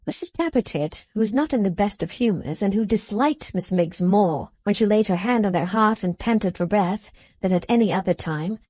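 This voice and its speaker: A woman narrates a classic novel in a measured, steady audiobook reading, at a mid pitch. The recording is close and dry, with no room sound. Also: dry recording.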